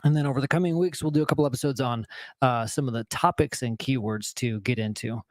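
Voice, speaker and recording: A man's voice: mid-range voice, fast, no echo. A man co-hosting a live marketing show, upbeat and friendly in casual chat with a few fillers.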